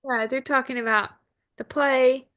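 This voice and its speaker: A woman's voice: high voice, steady tone, a little slow, a bit bright. A woman co-hosting a podcast, walking through TV scenes one by one in a casual recap, often saying yeah. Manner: recaps scenes step by step, frequent yeahs. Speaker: podcast co-host.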